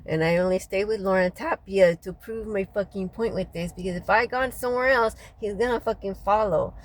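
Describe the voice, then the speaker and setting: A woman, crying as she vents in a raw, profane personal rant, her voice often sinking low and quiet. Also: fairly quick, slight background noise, low-quality recording. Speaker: local resident venting after a city meeting. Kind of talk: emotional personal vlog rant.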